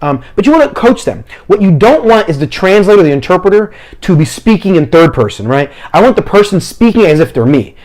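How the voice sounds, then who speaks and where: Fast-talking man giving practical advice. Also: sits high, sing-song, darkish tone. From Philadelphia, family from Puerto Rico. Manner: fast-talking, explains by acting out examples. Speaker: mission trip leader and preacher. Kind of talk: instructional talk to camera.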